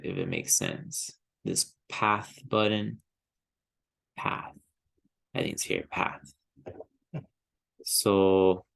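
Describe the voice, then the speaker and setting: A man's voice: lowish voice, creaky. A man in a casual vlog talking through trading charts, easygoing and hesitant as he thinks aloud, often trailing off and restarting. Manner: easygoing, chuckles to himself. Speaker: crypto trading vlogger. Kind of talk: casual chart analysis commentary.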